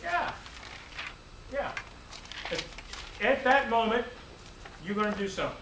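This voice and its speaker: A man, a music teacher, giving a lively, playful classroom lecture full of demonstrations. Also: sits high, unhurried, a little hiss or hum. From United States. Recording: echoey room, distant mic, faint ambience.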